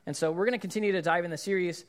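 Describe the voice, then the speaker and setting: A man in his thirties, the lead pastor, preaching a sermon and telling a funny story in an animated way. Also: high-pitched, rapid-fire, smooth. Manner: animated storyteller, shouts in acted-out quotes.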